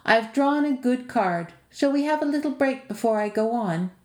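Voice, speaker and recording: A woman voicing a composed young woman who tells stories, speaking calmly. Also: fairly high pitch, normal speed, echoey room, pitched above the performer's own voice, lightly acted. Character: gentle young woman storyteller.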